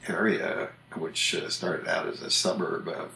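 Older male co-host, very low voice, chatty reader, echoey room. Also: level tone, normal speed, vocal fry, pushed and bright, a little hiss or hum. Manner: chatty, reads entries aloud. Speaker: podcast co-host, author. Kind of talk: casual chat and reading aloud. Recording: roomy echo.

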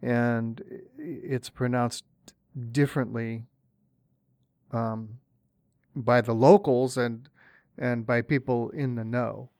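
A man co-hosting a podcast, chatting casually in a halting way with many uhs and restarts. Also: mid-range voice, fairly even intonation, darkish tone, no room sound, clean studio sound. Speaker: podcast co-host. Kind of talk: casual chat.

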